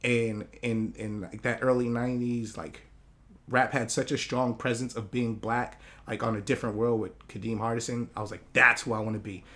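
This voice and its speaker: A man's voice: mid-range voice, steady tone, moderate pace. A man who grew up in Hawaii, a podcast guest talking casually and reflectively, often searching for his words. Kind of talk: casual conversation.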